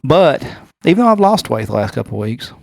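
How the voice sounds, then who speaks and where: A man's voice: mid-range voice, very animated, quick pace, gravelly, darkish tone, no echo, studio quality. A man, a podcast co-host telling rambling, complaining stories in casual chat. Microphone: studio microphone.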